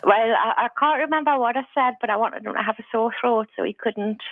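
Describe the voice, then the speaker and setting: A woman's voice: fairly high pitch, quick pace, no room sound, phone-quality sound. Middle-aged woman caller, hesitant and confessional, dry recording. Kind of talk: telling a story on a phone-in.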